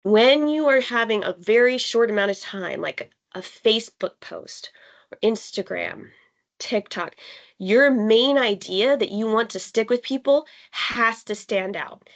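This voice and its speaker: A woman leading a live online design workshop, explaining ideas in a conversational way with fillers and pauses for emphasis. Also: fairly high pitch, highs cut off. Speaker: workshop facilitator. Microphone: video call.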